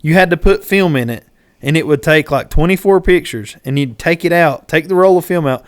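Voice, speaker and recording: A man tells a story on a podcast. He is animated and plays out each beat. The sound is dry and close. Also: fairly high pitch, a little fast, smooth, no echo. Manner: animated storyteller, acts out shouted quotes. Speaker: podcast host. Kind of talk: casual storytelling chat.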